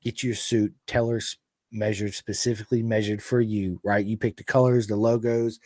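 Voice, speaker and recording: An American man hosting a podcast, chatting casually and telling animated, hyped-up stories to his guest. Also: on the low side, moderate pace, no room sound, clean studio sound. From United States. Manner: excitable, hyping, animated storyteller. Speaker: podcast host. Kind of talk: casual chat with ad read.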